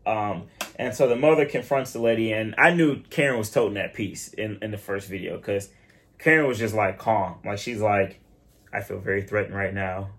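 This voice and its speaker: A man's voice: on the low side, normal speed. A man from Michigan co-hosting a podcast, chatting casually and telling stories in quoted voices. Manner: animated storytelling with quoted voices. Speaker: podcast co-host. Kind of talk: casual chat.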